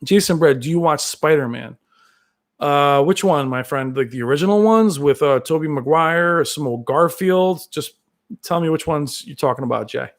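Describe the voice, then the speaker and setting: A man hosting a casual live stream from home, reading viewer comments aloud and talking in a rambling, excitable way. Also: on the high side, normal speed. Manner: rambling, excitable, with frequent fillers. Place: at home with his cat.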